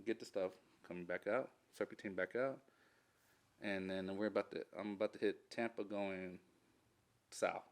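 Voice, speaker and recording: Veteran guy telling a combat story on a podcast, lowish voice, cussing a lot, animated and laughing. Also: moderate pace. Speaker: military veteran guest. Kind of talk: casual storytelling interview.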